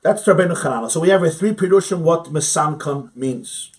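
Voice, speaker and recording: A rabbi teaching a Talmud class in a study hall, conversational, asking rhetorical questions and chuckling often. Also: male voice, a little high, lively intonation, brisk. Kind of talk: informal study-hall lecture.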